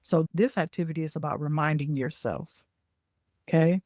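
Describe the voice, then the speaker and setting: A woman's voice: deep voice, normal speed, a little mellow, no echo. A chatty woman talks casually to her listeners and checks in with a frequent "okay?". She corrects herself mid-sentence and then carries on. The sound is dry and close, with no room around it. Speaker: podcast host and business coach. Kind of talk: casual talk.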